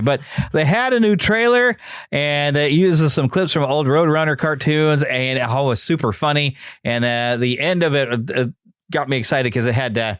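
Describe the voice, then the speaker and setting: A man's voice: medium pitch, no room sound. A man hosting his own podcast, talking loosely and off the cuff. He rambles, stops and restarts, and fills gaps with "uh" and "I mean". His voice sits in the middle of a man's range and is recorded dry, with no room sound. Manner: rambling, hesitant, many fillers and restarts. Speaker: podcast host. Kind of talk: casual solo commentary.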